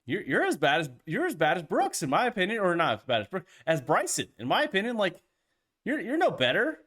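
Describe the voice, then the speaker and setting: A man with a fairly high, very lively voice, co-hosting a casual golf podcast. He rants in an animated, profane way, his pitch swinging up and down as he gets worked up. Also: a little fast. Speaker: podcast co-host.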